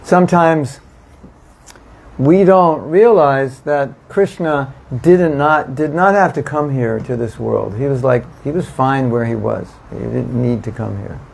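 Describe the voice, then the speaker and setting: A man's voice: mid-range voice, unhurried, vocal fry, slightly rough, poor audio. A man giving an informal devotional class to a live audience, chatty and emphatic, often asking listeners questions. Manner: conversational, asks the audience questions, emphatic repetition. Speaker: spiritual teacher giving a class.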